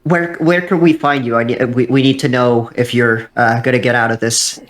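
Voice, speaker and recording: A man in a tabletop game, joking loudly and cursing freely. His voice sits at an ordinary pitch. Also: steady tone, normal speed, a little hiss or hum. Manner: boisterous, swears a lot. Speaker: player. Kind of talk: casual tabletop banter.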